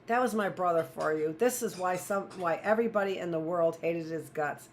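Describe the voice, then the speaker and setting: A woman's voice: fairly low pitch, normal speed, slight background noise. A woman teacher reading a novel aloud in a plain, first-person storytelling voice.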